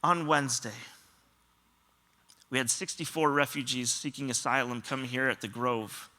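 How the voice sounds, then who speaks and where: A man's voice: medium pitch, fairly even intonation, normal speed, bright, forceful tone. A man pastor giving a sermon, telling stories earnestly and often quoting other people. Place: church auditorium.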